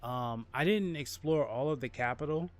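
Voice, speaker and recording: Slightly high-pitched and speaking at a normal speed, a man from New Orleans, Louisiana, streams games and chats casually. His talk rambles, with words repeated and restarted, and he tells animated stories punctuated by laughs.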